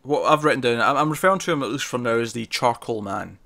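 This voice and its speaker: A man's voice: mid-range voice, fast talker, gravelly, sharp tone. A man co-hosting a casual TV review discussion, chatty, with many fillers and restarts. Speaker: podcast co-host.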